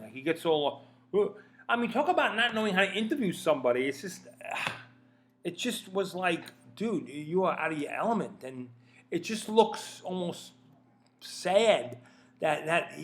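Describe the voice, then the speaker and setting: A man in his fifties talks through casual commentary with a slightly raised voice. He rambles, stops and restarts his sentences, and keeps his wording blunt and profane. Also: high-pitched. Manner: rambling, with many restarts and fillers.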